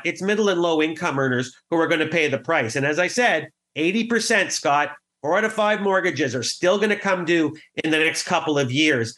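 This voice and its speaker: A man's voice: sits high, bright, forceful tone. A man, an economics professor, speaking as a radio guest in a frustrated, critical way. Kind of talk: radio interview.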